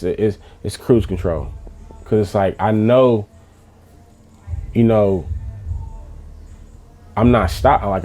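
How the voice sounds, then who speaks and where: A man speaks in a low, mellow voice. He talks loosely and emphatically as an interview guest, full of slang and restarts. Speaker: interview guest, music manager. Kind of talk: casual interview talk.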